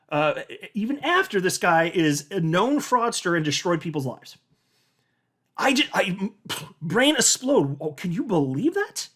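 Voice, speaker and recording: A man's voice: high voice, a bit bright. A man giving a ranting, sarcastic commentary as a crypto video host.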